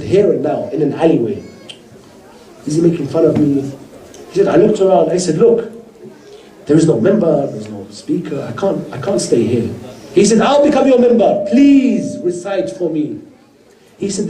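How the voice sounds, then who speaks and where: A man giving a religious sermon to a gathering, telling stories earnestly and voicing the people in them. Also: high-pitched. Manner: earnest storyteller, quoting others in lively voices. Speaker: speaker at a mourning gathering. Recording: roomy hall heard from a distance.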